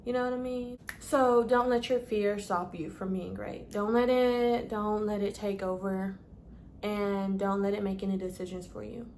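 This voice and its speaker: A lifestyle vlogger with a medium-pitched voice gives casual advice over slight background noise. She's chatty, calls her listeners "babes," and trips over long words.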